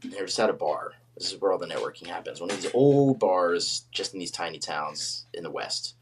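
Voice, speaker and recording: A man's voice: deep voice, brisk, slight background noise. A man from the United States, a paleontologist guest telling stories in a casual podcast chat, full of fillers and restarts. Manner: chatty, storytelling, many fillers.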